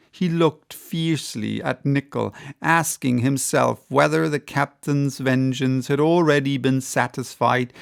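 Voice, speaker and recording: A man reading a classic novel aloud as an audiobook narrator, measured and even. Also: medium pitch, gravelly, clean tone. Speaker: audiobook reader.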